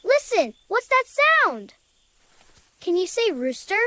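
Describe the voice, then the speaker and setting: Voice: very high-pitched, huge pitch swings, slow, sharp tone, no echo, exaggerated voice. A performer voicing a cheerful little cartoon kid who teaches toddlers animal names in a sing-song way and asks them to repeat the words. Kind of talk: children's educational cartoon narration.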